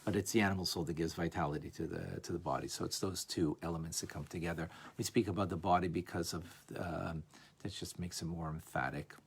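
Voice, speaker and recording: Husky-voiced man teaching a religious class. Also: low voice, fast. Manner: animated, playful, acts out examples, frequent "right?". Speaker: Torah teacher. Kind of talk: lively class on a religious text.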